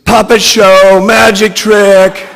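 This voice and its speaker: A man voicing a wild, erratic young woman who shrieks her words in a shrill, drawn-out way, heard with a long hall reverb. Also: animated, darkish tone, husky. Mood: shrieking gleeful.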